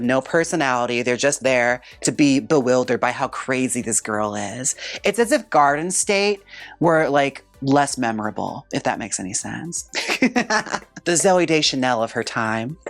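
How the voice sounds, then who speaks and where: A woman hosting a hair-styling vlog, chatting casually in a sassy, chatty way with plenty of filler words. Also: rumbling low. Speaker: hairstylist host.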